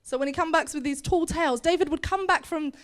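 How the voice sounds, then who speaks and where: A woman's voice: high-pitched, fast talker. A woman leading a seminar, telling a Bible story to a group and acting out the characters. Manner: animated, acts out characters with put-on voices. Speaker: seminar speaker. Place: meeting hall or seminar room.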